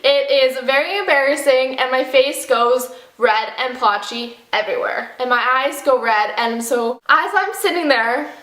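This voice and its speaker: A young woman telling a dramatic storytime vlog, acting out the quotes with animated flair. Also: high-pitched, unhurried, hardly any pauses, reverberant. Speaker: vlogger.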